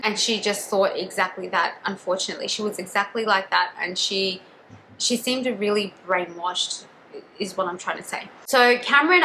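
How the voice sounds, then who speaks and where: A young woman vlogger tells a true-crime story in a loose, casual way. Her voice is bright and forward. She rambles, full of fillers and restarts. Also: mid-range voice, a little hiss or hum, low-quality recording.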